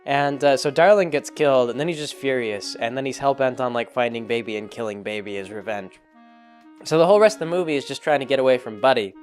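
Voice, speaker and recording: A man's voice: mid-range voice, fast talker, soft background music. A man vlogging a casual, rambling movie recap with lots of jokes, fillers and self-corrections.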